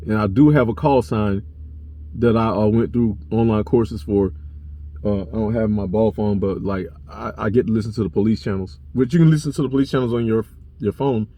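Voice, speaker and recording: A young man vlogging, telling a personal story to camera in a blunt, profane, animated way. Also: lowish voice, fairly quick, a little hiss or hum. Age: young adult.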